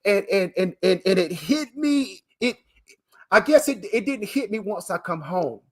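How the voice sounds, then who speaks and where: This interviewee, a coach who received a transplant, talks over a live video call broadcast in a high-pitched, animated voice at a measured pace. His delivery is emotional and sermon-like, heavy on fillers and repetition, with frequent uses of "man" for the listener.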